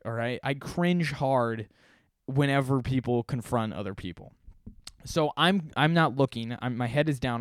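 A man's voice: mid-range voice, fairly bright tone, dry recording, studio quality. Rambling, profane male storyteller. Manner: rambling, self-deprecating, profane, many fillers. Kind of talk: casual storytelling.

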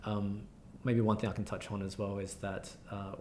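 A man's voice: lowish voice, level tone, moderate pace, a little mellow, reverberant, a little hiss or hum. A man with an Australian accent, chatting as an interview guest in a rambling way with many fillers and restarts. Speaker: guest architect. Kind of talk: casual interview talk.

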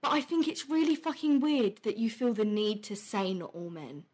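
A woman's voice: on the high side, slightly rough. A young woman hosting a podcast, talking casually and bluntly, swearing freely and laughing often. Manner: quick, heated rants with animated quoted voices. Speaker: podcast host. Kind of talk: casual chat on a live stream.

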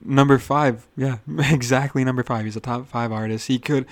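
A man's voice: medium pitch, steady tone, moderate pace. A young man hosting his own podcast in a loose, rambling way. He swears freely, stumbles over his words and restarts, and sounds a bit nervous. The sound is dry and close, with no room echo. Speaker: podcast host. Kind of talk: casual solo podcast rant.

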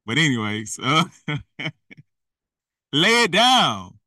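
Bright-voiced man preaching bluntly. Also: high-pitched, sing-song, a little slow, dry recording, recorded from a distance, poor audio. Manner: blunt, slangy, exhorting, laughs at himself. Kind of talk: fiery street-style preaching.

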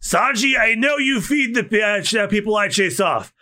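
A man voicing a loud, brawny cook who shouts and blusters while defending his restaurant. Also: high voice, expressive, moderate pace, pitched above the performer's own voice, exaggerated voice. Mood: defiant.

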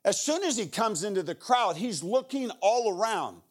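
A middle-aged man preaching as a guest speaker, telling an animated story and acting out the people in it, with playful asides. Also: sits high, moderate pace. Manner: animated, acts out the people in his stories. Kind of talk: sermon storytelling.

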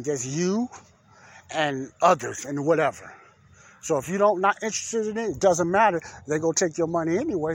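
A man, hosting a casual political talk podcast outdoors at night, folksy and preachy, often clearing his throat. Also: sits high, slight background noise. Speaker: podcast host. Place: outdoors in the dark.

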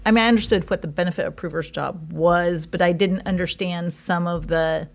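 A woman's voice: fairly low pitch, steady tone, brisk, creaky. Chatty, giggly woman from Iowa. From Iowa, United States. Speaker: co-host telling how the couple met. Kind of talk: casual chat.

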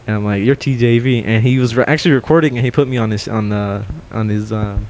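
A young man co-hosting a podcast, telling a story in casual chat, swearing and loudly acting out what people said. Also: on the low side, fast, slight background noise. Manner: animated, swears a lot, acts out quotes loudly. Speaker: podcast co-host.

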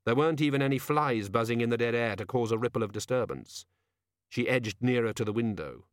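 Brief: calm man reading a novel aloud, even mid voice, dry booth sound. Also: medium pitch, fairly quick, dry recording. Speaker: audiobook narrator. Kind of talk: scripted narration.

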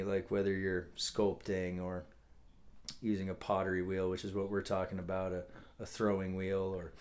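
A man's voice: lowish voice, a little mellow. A man from California, a guest on a podcast, talking casually with many restarts and fillers. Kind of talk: casual chat.

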